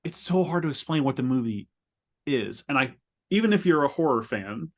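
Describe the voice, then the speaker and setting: A male podcast co-host talking in a relaxed, casual way, with a mid-range pitch. He rambles, trips over his own words and laughs often as he describes things. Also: normal speed. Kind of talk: casual chat. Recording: lower quality than usual.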